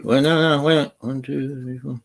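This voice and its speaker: A man's voice: medium pitch, steady tone, normal speed, vocal fry. A middle-aged man chatting casually, laughing often and swearing freely. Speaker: podcast co-host. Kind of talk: casual chat.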